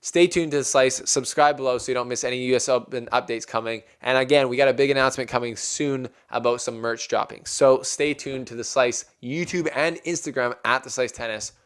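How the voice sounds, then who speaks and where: A man's voice: medium pitch, fairly even intonation, fairly quick, hardly any pauses, clear, resonant tone. A man hosting a tennis show, recapping matches in a chatty, loose way. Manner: chatty, loose, with filler and restarts. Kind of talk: casual recap commentary.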